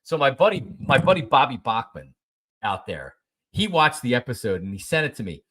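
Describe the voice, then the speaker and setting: A podcast host in his forties, with a medium-pitched voice, speaks a little fast. In a casual monologue he tells an animated story, repeating himself as he acts out both sides of a conversation.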